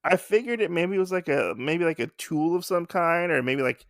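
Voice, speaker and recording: A man on a casual podcast whose voice sits fairly high and swings widely as he retells a comic. He keeps slipping into quick little voices for the characters. The sound is dry and close. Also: no room sound. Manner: animated, acts out characters' lines while recapping. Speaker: podcast co-host.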